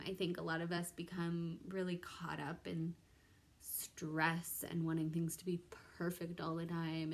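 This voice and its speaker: A young woman vlogger chatting casually to camera, rambling with many ums and restarts. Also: on the low side. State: pregnant.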